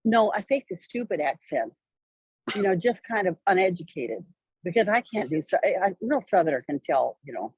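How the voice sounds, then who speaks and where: A woman telling a story in conversation, lively and wry, acting out the people she quotes. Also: lowish voice, normal speed, slightly rough, no echo, muffled recording. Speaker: interview guest.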